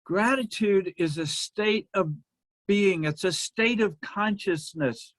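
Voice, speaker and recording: A minister with a fairly high, fairly bright voice delivers a sermon slowly and deliberately, pausing so each phrase can settle. The recording is close and dry, with no room sound at all.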